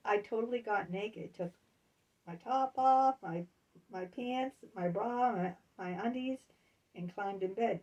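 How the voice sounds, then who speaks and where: A woman's voice: mid-range voice, measured pace, darkish tone, far from the mic. A woman telling a candid personal story in a casual vlog, chatty and laughing between lines. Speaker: author and vlogger.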